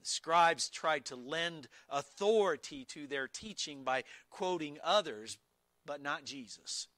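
Man, pastor, sermon, slow and deliberate, bright voice, emphatic, dry close sound. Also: a little high, expressive, no room sound.

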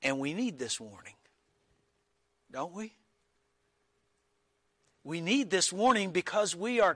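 Slightly high with a sharp tone, this preacher's voice carries no echo as he gives a sincere expository sermon. He moves slowly and deliberately through Bible verses, stressing important words and restarting in small ways.

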